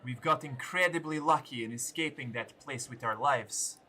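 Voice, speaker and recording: A hushed, dramatic diary reader in a posh accent, as a streamer puts it on. He reads slowly and softly, and his tone is bright and forward. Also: medium pitch, slight background noise, natural voice, poor audio. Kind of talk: reading in-game notes aloud in a put-on posh accent.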